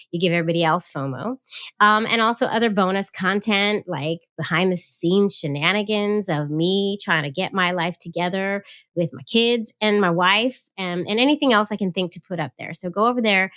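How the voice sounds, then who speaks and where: A woman hosting a podcast in a casual, playful way, joking at her own expense and chatting warmly with her guest. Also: mid-range voice. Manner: playful, self-mocking, chatty. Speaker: podcast host.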